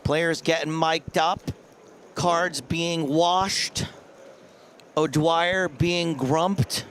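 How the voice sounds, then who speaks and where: A man's voice: a little high, steady tone, extremely slow, fairly bright tone. A man hosting live poker commentary in a playful, jokey way with silly asides.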